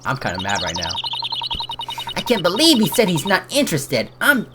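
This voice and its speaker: A man's voice: a little high, huge pitch swings, moderate pace, background noise. A man chatting and reacting while playing through a video game. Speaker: gamer. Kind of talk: let's play commentary. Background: video game music.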